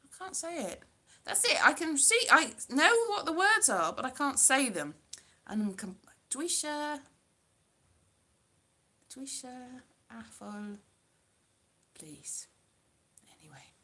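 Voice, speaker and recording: Bright-voiced Welsh-born woman vlogging. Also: high voice, animated, normal speed. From Wales. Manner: rambling, self-deprecating, full of fillers and restarts. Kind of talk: casual vlog monologue. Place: home, London.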